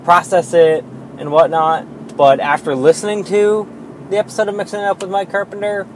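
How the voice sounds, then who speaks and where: A man's voice: sits high, level tone. A man hosting his own podcast alone, rambling in a casual, self-deprecating way with lots of fillers and the odd swear word. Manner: slow and drawn-out. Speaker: podcast host. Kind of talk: casual solo podcast monologue. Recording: noisy background hiss.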